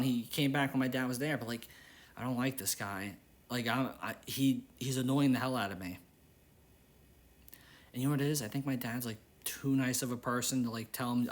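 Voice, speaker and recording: Young male gaming host, casual rambling commentary, easily irritated, repeats himself. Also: mid-range voice. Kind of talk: casual gameplay commentary with venting.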